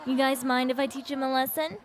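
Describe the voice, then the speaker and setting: A man voicing a calm, menacing young woman who teases in a cool, controlled way. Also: very high voice, brisk, noisy background, voice pushed up. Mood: teasing menace.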